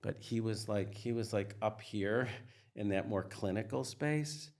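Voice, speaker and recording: A middle-aged man with a slightly low voice talks openly as a trauma expert guest. He is earnest and emphatic, circling back with "like" and "you know" as he explains. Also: unhurried, a little mellow. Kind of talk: candid interview conversation.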